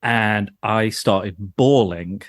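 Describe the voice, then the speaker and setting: A man's voice: lowish voice, very slow, no room sound. Guy on a podcast, rambly and self-mocking, keeps laughing, dry close sound. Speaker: podcast co-host. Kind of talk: casual chat.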